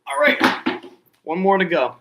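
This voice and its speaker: Young dude rambling thru a live reaction, slightly high voice, keeps saying bro. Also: male voice, big pitch swings, a little slow, vocal fry, noisy background. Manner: rambling, self-talking, says bro and dude. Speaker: vlogger reacting to an awards show. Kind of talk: casual live reaction chat.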